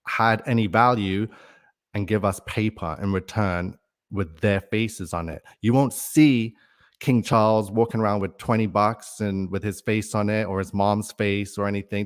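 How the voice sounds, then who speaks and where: Low-ish guy rambling on a livestream, conspiracy vibes, reads out comments. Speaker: livestream host. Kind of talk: casual livestream talk.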